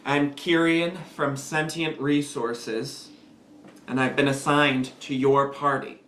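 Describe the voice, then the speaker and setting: A man's voice: mid-range voice, flat delivery, slow, a bit bright, a little hiss or hum. An actor playing an earnest male corporate HR rep assigned to an adventuring party, speaking in a stiff, would-be professional way. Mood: formal. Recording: roomy room sound.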